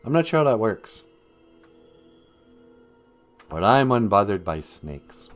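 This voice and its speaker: A man's voice: on the low side, big pitch swings, slow pace, faint music behind. A man hosting a rambling comedic livestream, joking with his chat and laughing at his own jokes. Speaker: livestream host.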